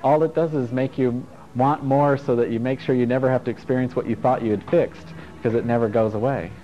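A man's voice: mid-range voice, fairly even intonation, a little fast, warm tone. A middle-aged man teaching a casual self-help workshop to a group, frank and playful, swearing and chuckling as he goes. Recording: dull lo-fi recording with faint music.

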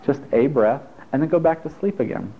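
In a stuffy room full of listeners, a therapist leads a live workshop, encouraging the group in a chatty manner and tossing in jokes. His voice is medium-pitched, expressive, slightly rough, and a little fast, captured on a tinny, phone-like lo-fi recording.

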